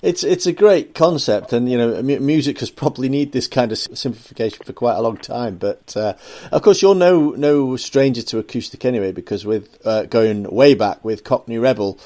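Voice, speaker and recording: A male radio host interviews a guest, mostly with short agreements and the odd chuckle. He leads into his questions with halting restarts. His pitch sits in a middle range. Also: expressive, mellow. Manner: affirming, chuckles, halting lead-ins. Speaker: radio arts show host.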